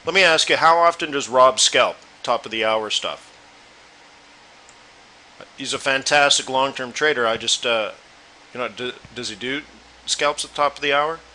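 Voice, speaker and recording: A man's voice: mid-range voice, normal speed, long pauses, bright, forceful tone, slight background noise, rough recording. A man hosting a live trading webinar, chatting loosely and talking straight to his viewers. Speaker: forex trading room host.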